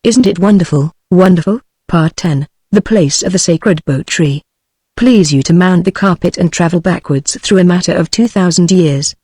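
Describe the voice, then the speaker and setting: A synthetic woman's voice with a British English accent, reading an audiobook in an even, measured way. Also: on the low side, husky, no echo. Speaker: narrator.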